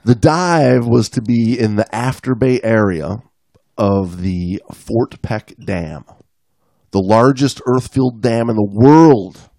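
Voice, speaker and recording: A man's voice: mid-range voice, expressive, slow pace, mellow, no echo, clean studio sound. A man in his forties co-hosting a podcast, reading an article aloud and dropping in wry casual asides. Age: 40s. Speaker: podcast co-host.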